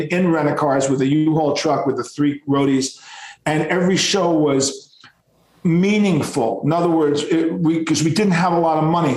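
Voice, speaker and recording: A rock musician telling tour stories in a casual, animated and profane way. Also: male voice, fairly high pitch, reverberant, low-quality recording. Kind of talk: casual storytelling.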